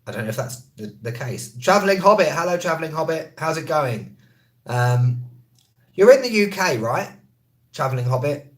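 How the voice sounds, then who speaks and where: A travel vlogger who also teaches English chats casually on a live stream, answering viewer comments. His voice is fairly high pitched and very animated, and he's quick and chatty, often correcting himself mid-sentence.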